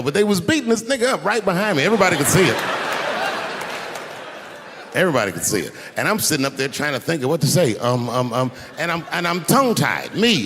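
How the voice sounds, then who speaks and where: A male stand-up comedian telling stories on a handheld mic, swinging into loud acted-out outbursts, live in a large arena with the audience laughing. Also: fairly high pitch, long reverb tail, background noise. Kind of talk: stand-up routine. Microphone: handheld stage mic. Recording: live arena with roaring crowd.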